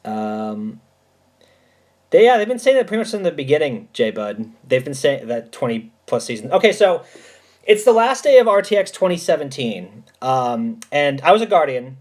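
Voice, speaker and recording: A man chats on a home livestream, telling stories and answering viewers. His voice sits a little high and swings widely in pitch. He talks emphatically and swears freely. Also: sing-song, normal speed. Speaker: livestream host answering chat. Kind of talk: casual chat and storytelling.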